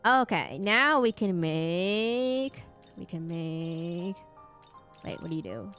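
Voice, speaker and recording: A woman's voice: lowish voice, sing-song, slow pace, a bit bright, soft background music. A young woman streaming a game, chatting casually and thinking aloud in a rambling way. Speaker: VTuber streamer. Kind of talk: casual gaming stream chat.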